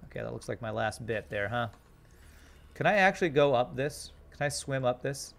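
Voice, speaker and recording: A man's voice: medium pitch, animated, normal speed, creaky, a bit bright. Man musing through a game stream. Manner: thinks aloud, chats to viewers. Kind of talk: casual live-stream gameplay commentary.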